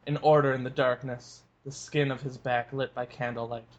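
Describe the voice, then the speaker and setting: A man's voice: medium pitch, flat delivery, normal speed, lo-fi sound. Joking male fanfic review co-host. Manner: joking, laughs often. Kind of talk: casual chat and fanfic reading.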